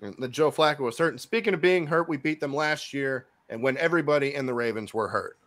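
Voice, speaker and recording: A man hosting a casual podcast, giving his football picks and swinging between loud remarks and muttered asides. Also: medium pitch, quick pace. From Miami Dolphins fan. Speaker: podcast host. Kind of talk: casual sports picks chat.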